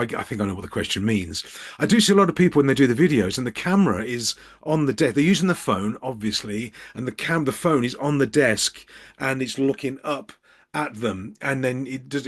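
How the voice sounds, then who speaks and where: This middle-aged business coach from Birmingham, England, talks to an eye-level camera lit by a ring light, sharing casual tips from his office alongside wry, self-deprecating humor. His voice is mid-range and slightly rough.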